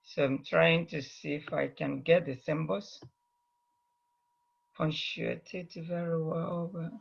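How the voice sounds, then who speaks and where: A man teaching a language online, patiently repeating words slowly so his students can copy them, heard over a video call. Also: on the high side, flat delivery, vocal fry, husky, highs cut off.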